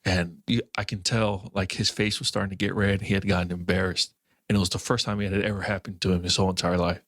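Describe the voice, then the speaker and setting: A young male podcast host with a low voice tells a rambling personal anecdote, leaning on "um" and "like" and briefly acting out the people in it. The sound is dry and close, with no room around him. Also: little pitch movement, fast talker, a bit bright, husky, dry recording. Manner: loose storytelling, full of "um" and "like", acting out quoted voices. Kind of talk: casual anecdote-telling.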